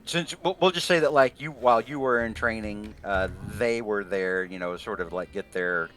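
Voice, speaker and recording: A man's voice: on the low side, normal speed, fairly bright tone. A man running a tabletop game over an online call, talking in a loose, rambling way with casual swearing. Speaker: game master.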